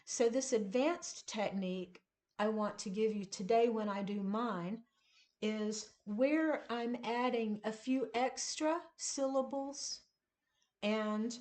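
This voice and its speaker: A woman teaches poetry in a casual video lesson, taking her time over each phrase. Her pace is slow and deliberate, and she leans into the beat of each line as she explains it. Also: mid-range voice, a little mellow. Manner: slow, deliberate, emphasizing rhythm. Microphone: camera at desk, seen gesturing.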